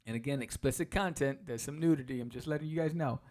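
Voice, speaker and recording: A man hosting a podcast, walking casually through a comic book and acting out its quotes in quick voices. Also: mid-range voice, a little mellow. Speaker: podcast host.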